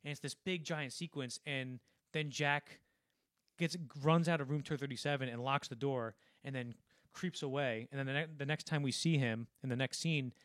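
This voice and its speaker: On a laid-back film podcast, this young co-host animatedly walks through scenes, wandering off and restarting his thoughts again and again. He speaks at a normal pace in a medium-pitched, slightly bright voice, captured cleanly in the studio without echo.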